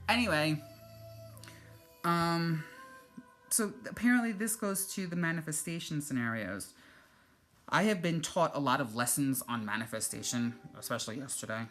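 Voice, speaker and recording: A woman's voice: low voice, animated, moderate pace, a bit bright, faint music behind. A woman vlogger giving casual spiritual motivation talk, chatty and joking, cursing freely and acting out her own reactions.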